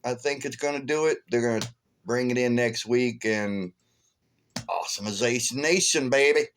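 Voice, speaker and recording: A man rambles through a casual vlog story, swearing freely and jumping up loud and sharp when he relives an argument. His voice sits at an ordinary middle pitch for a man. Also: normal speed, slight background noise. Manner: profane, rambling, animated storyteller who flares loud when retelling anger. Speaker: vlogger.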